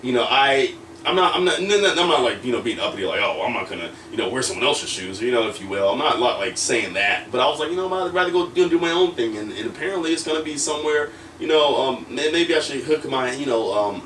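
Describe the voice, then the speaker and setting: A man's voice: medium pitch, lively intonation, fast, fairly bright tone. A man telling a story in a casual interview, rambling and full of fillers, acting out quoted lines. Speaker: wrestler guest. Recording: roomy echo, distant from mic, faint noise.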